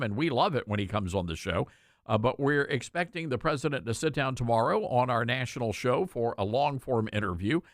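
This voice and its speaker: A man's voice: medium pitch, fairly bright tone, no room sound, studio quality. A man hosting a talk radio show, speaking in an emphatic, folksy way.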